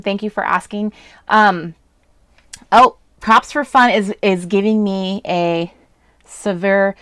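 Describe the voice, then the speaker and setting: A woman from the US West Coast chats casually through a crafting live stream, rambling from one thought to the next and breaking into laughter often. Her voice sits at an ordinary middle pitch. She is recorded dry and close at a home desk webcam setup, with no room echo. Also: steady tone, takes it slowly, fairly bright tone, smooth.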